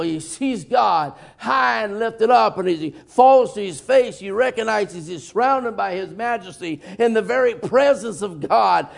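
A man preaching a folksy, emphatic sermon in a church, with sudden loud bursts and chuckles. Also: high voice, vocal fry. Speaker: pastor. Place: church sanctuary.

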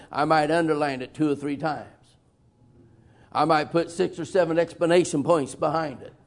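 A man preaching a folksy, emphatic sermon in a church, with sudden loud bursts and chuckles. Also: a little high. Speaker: pastor. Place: church sanctuary.

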